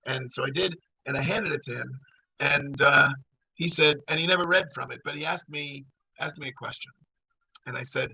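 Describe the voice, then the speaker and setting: A man's voice: a little high, moderate pace, creaky, long pauses, pushed and bright, breathy edge, rough recording. A middle-aged man telling a personal story in a rambling, conversational way. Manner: rambling, conversational, full of fillers.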